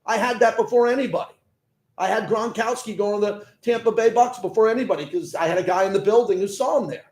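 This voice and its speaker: A man's voice: high-pitched, fast, a little mellow, roomy sound, low-quality recording. A man hosting sports talk radio, arguing with callers and firing off rhetorical questions. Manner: combative, fires rhetorical questions.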